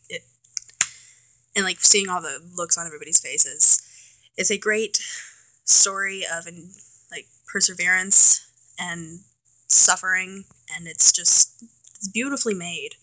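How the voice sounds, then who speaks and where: A woman's voice: lowish voice, measured pace, pauses often, sharp tone, dry recording, rough recording. A young woman giving a casual film review for a vlog, chatty and full of fillers, with wry self-mocking asides. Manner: chatty, filler-heavy, trailing restarts. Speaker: student vlogger.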